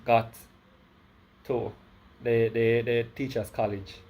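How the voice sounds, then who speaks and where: A man's voice: medium pitch, level tone, slow, darkish tone. Jamaican man with a slight lisp. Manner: rambling, self-correcting, many "right?" tags. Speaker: vlogger. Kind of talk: casual storytime monologue.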